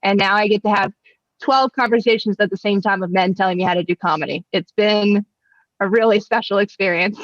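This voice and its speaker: A woman's voice: medium pitch, fairly quick, no room sound, lo-fi sound. A woman in her twenties doing a stand-up set over a video call, dry and self-mocking, laughing at her own jokes. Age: 20s. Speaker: stand-up comedian.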